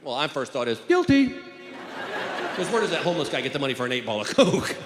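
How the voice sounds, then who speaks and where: His mid-range voice is expressive and racing as this stand-up comedian performs on a large hall's stage, telling a story and impersonating the people in it. Audience noise from the live show fills the recording.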